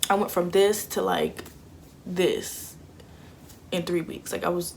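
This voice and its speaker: A woman's voice: on the low side, steady tone, takes it slowly, vocal fry, a little mellow, a little hiss or hum. A young woman, chatting candidly and acting out what people said. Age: 20s. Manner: candid and chatty, acts out quotes. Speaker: vlogger. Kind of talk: casual storytelling.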